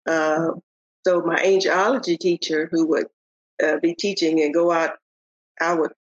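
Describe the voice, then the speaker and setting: An older woman, a podcast guest, telling the story of her faith in a halting way, with many pauses and restarts. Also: deep voice, little pitch movement, dry recording. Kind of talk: telling a personal faith testimony. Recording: dull, lo-fi audio.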